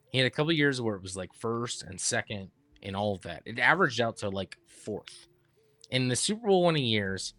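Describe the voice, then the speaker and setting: In a loose sports-talk debate, this male co-host of a podcast pushes his case with statistics, hammering key points through repetition. His mid-range voice sounds pushed and bright, recorded with no echo.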